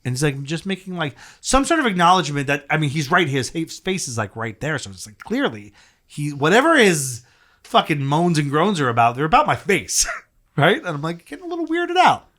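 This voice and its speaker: A man's voice: on the high side, big pitch swings, brisk, a bit bright. A man, a comedian guest, telling a rambling, profane story in casual podcast chat. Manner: profane, rambling anecdote with frequent laughs and restarts.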